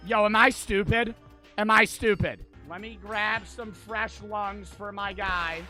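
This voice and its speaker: A man giving frantic gameplay commentary, swearing, talking to himself and breaking into sudden loud outbursts. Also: high-pitched, steady tone, slow, soft background music. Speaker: gaming streamer.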